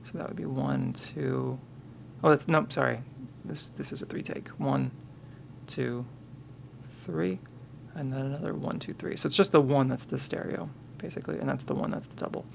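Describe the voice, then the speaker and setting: A man's voice: mid-range voice, moderate pace, creaky, a little hiss or hum. A man on a live stream, thinking aloud and muttering to himself, counting and correcting himself as he works.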